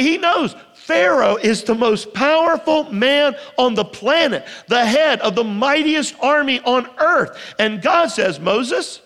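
A male pastor preaching a sermon with passion, swinging between raised, urgent calls and hushed, earnest pleas. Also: extremely high pitch. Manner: impassioned, shifting between shouts and hushed pleas. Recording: reverberant hall recording.

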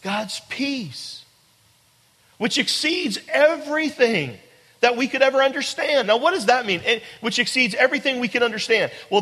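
A pastor with a very high-pitched, pushed, bright voice preaches to a congregation in a large room, and long hall reverb colors the sound. He's emphatic, repeats phrases, asks rhetorical questions, and addresses listeners directly.

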